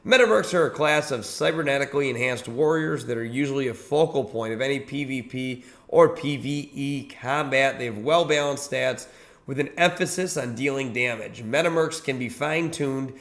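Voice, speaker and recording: A man's voice: mid-range voice, moderate pace. Laid-back guy doing his daily screen-share show, kinda sleepy, lots of uhs. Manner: relaxed, chatty, reads descriptions aloud with filler words. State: sleepy, yawning. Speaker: host of a daily crypto collectibles show. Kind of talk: casual screen-share commentary.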